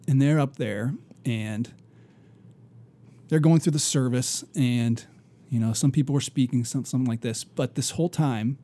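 A man co-hosting a casual faith podcast, telling a story earnestly with many restarts and soft, trailing asides. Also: medium pitch, moderate pace. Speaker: podcast co-host.

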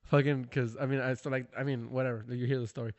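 A man telling a comedy-club story in casual chat, animated and swearing, acting out quotes. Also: medium pitch, quick pace, no room sound, highs cut off. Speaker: stand-up comedian, podcast co-host.

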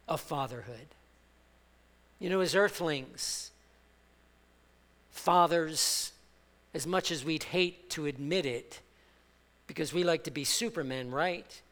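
A male pastor preaching a passionate sermon in a church, swelling from soft, measured lines to loud exhortation and leading the congregation in call-and-response. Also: a little high, long reverb tail. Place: church sanctuary.

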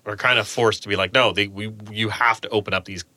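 A man's voice: fairly low pitch, quick pace, dry recording. A man who runs a game studio, chatting casually on a podcast and acting out quotes with a raised voice. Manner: animated, acts out quotes in a raised voice. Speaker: game studio lead who hires contractors.

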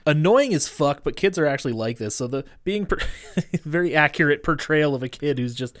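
A man's voice: fairly high pitch, expressive, fairly quick, fairly bright tone, no echo. Man, thirties, casual movie chat, profane, sarcastic, dead dry sound. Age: 30s. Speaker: podcast co-host.

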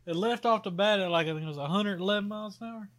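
A young man chatting casually on a podcast, talking slowly in a drawl. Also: high voice, fairly bright tone. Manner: drawling, slow-talking, laughs at himself. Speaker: podcast co-host. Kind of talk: casual chat.

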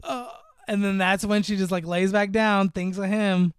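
High-voiced man rambling through a movie plot. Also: level tone, moderate pace, clear, resonant tone, no echo, studio quality. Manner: rambling storytelling with many fillers, acting out characters' lines. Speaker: podcast co-host recapping a movie. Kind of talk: casual chat.

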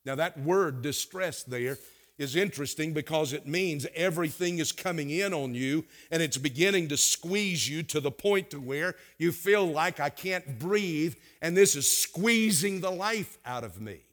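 A man's voice: a little high, lively intonation, unhurried. Emphatic preacher, man. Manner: emphatic preaching with wide swings from hushed to loud. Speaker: pastor. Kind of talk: sermon.

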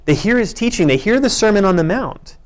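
A man's voice: high-pitched, expressive, fairly quick. A man preaching a sermon, reading scripture aloud with earnest emphasis. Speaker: pastor.

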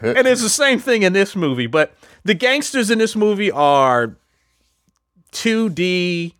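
A man's voice: sits high, very animated, measured pace, fairly bright tone, dry recording, clean studio sound. A man casually chatting as a podcast host, rambling with lots of fillers and restarts. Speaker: podcast host reviewing films. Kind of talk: casual chat.

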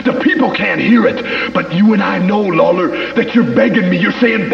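A man's voice: high voice, normal speed, creaky, few pauses. A man cutting a boastful, taunting wrestling promo, mocking his rivals. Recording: echoey, dull 1980s TV tape with music.

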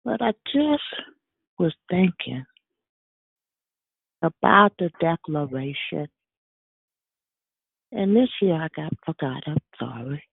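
A woman's voice: low voice, sing-song, takes it slowly, creaky, long pauses, breathy edge, no echo. A woman calling in to a church phone call, speaking with a sassy, joking manner. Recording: tinny phone line.

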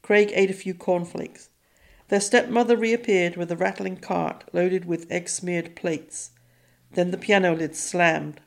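Woman narrating a story, a bit low. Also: steady tone, a little slow, gravelly. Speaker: audiobook narrator. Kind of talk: scripted narration.

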